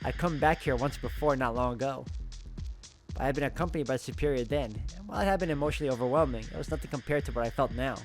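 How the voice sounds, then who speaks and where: A man's voice: medium pitch, fast talker, soft background music. A man reading a visual novel aloud and adding chuckling asides. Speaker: let's-play host.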